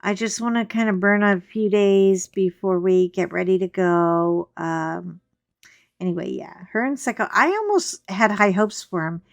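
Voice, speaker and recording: Slow-talking woman gossiping while coloring. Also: medium pitch, gravelly, no echo. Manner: gossipy, frank storytelling. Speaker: coloring channel host. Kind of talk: casual chat while coloring.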